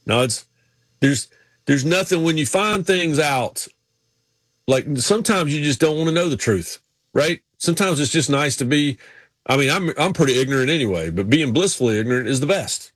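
A man's voice: mid-range voice, husky, no echo. A man in a casual sports chat, chatty and self-deprecating. He has a mid-range voice and is recorded close and dry. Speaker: co-host.

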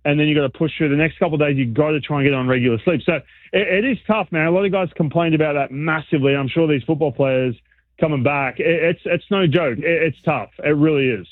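Australian man, guest analyst on a call-in, higher voice, dry phone-line sound, chatty with lots of restarts. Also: fast talker, no echo. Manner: chatty, animated, frequent restarts. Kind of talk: casual sports radio chat.

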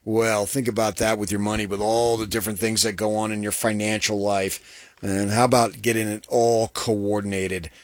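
A man's voice: lowish voice, little pitch movement, moderate pace, no echo. A man giving a casual, folksy radio ad read, chatty and repetitive. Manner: conversational, folksy, repeats points. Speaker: radio ad pitchman.

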